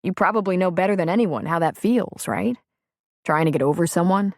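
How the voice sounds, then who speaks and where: A woman voicing a frank, plain-spoken man on the phone in an audiobook, gently persuasive. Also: on the low side, fairly quick, dry recording, studio quality, natural voice. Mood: earnest. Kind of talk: audiobook character reading.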